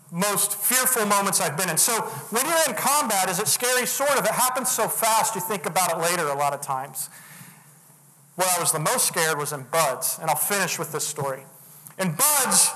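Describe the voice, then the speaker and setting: Bright, high-pitched man telling a story. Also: rough recording. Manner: earnest, builds to animated retellings. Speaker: motivational speaker. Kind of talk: motivational keynote storytelling.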